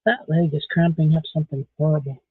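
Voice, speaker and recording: A middle-aged woman crochets while chatting casually on a live stream, rambling along with dry, sarcastic asides. Her voice sits low and steady with a breathy edge, and she talks fast. There's no echo, and the recording sounds dry and tinny, like a phone.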